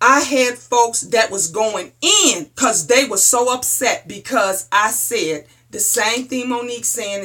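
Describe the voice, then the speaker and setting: Bright-voiced woman ranting bluntly. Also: on the high side. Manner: blunt, profane, emphatic, repeats phrases. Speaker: vlogger. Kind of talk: heated opinion rant.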